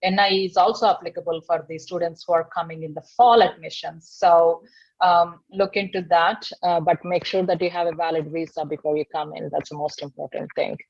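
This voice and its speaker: A woman speaking quickly over a video call, stopping and restarting her sentences as she explains. Her voice sits a little low and comes through dull and dry, with muffled highs and no room sound. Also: steady tone, no echo. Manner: rapid, halting speech with many fillers and restarts. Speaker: immigration attorney guest. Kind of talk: webinar presentation.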